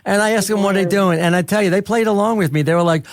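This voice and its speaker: Older guy hosting a radio chat, rambly storyteller, kinda high voice, dry sound. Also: fast talker, no echo. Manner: chatty storyteller, acts out quotes. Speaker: radio show host. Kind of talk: casual interview chat.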